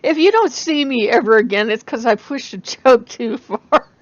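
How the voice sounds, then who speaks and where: A woman's voice: on the high side, lively intonation, normal speed, dry recording. A tired woman hosting a casual vlog, rambling with fillers and laughing often. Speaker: channel host. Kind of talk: casual spiritual vlog chat. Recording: dull lo-fi dry recording.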